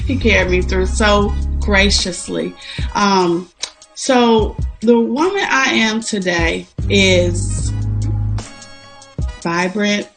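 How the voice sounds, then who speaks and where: A woman speaking as a podcast guest, telling her story in a heartfelt, faith-filled, reflective way. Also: on the high side. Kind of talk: testimonial interview talk.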